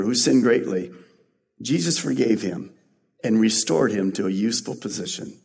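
Man pastor giving a sermon, husky voice, earnest then punchy, long echo. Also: mid-range voice, a little mellow. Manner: earnest, rising to emphatic peaks.

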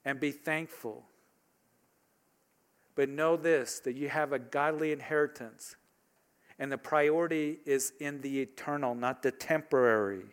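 A man's voice: a little high, unhurried, smooth. A man preaching a sermon as pastor, talking conversationally and asking his congregation rhetorical questions.

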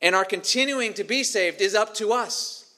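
A man's voice: high-pitched, normal speed, sharp tone. A man preaching a sermon as pastor, earnest and emphatic, repeating his key phrases.

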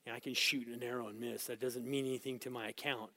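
A man teaching a Bible lesson as a sermon, swinging between loud, emphatic scripture reading and quiet, casual asides to his listeners. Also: medium pitch, level tone, fast, no room sound. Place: church room with small group.

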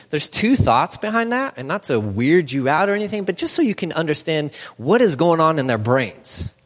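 A man preaching a sermon in a casual, conversational way, acting out the people in the story with animated voices. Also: medium pitch, in a large hall. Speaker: pastor.

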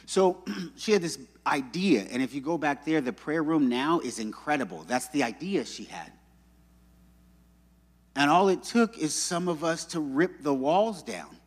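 A man preaching a sermon, telling stories and acting out quotes with animated delivery. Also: a little high. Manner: animated storytelling with acted-out quotes. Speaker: pastor. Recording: long reverb of a church hall.

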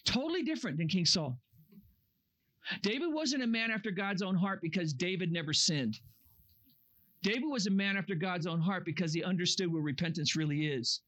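A man preaching a sermon to young campers, earnest and animated, acting out excuses in a raised voice. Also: sits high, normal speed. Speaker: camp speaker. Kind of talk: youth camp sermon. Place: camp meeting room.

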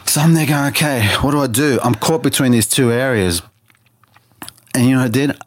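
Speaking briskly in a mid-range voice, this man shares personal testimony as an interview guest. He tells his story earnestly, with many restarts, and acts out what he was thinking in quoted lines.

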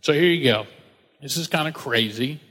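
A man preaching in a relaxed, conversational sermon, his voice sitting a little high for a man. He acts out the voices in the stories as he goes. The sound carries a long reverb, like a large hall. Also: normal speed. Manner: animated storytelling, acts out quoted voices. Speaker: pastor. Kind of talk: casual sermon.

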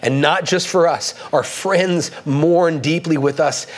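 A man's voice: a little high, poor audio. Earnest man preaching a sermon. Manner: earnest, halting, with restarts and emphatic read quotes. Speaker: pastor.

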